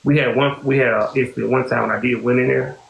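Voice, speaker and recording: This podcast host has a medium-pitched voice with vocal fry, a quick pace, and fairly even intonation. He rambles casually through a personal story, repeatedly landing on "you know what I'm saying." Recorded in an echoey space with faint hiss.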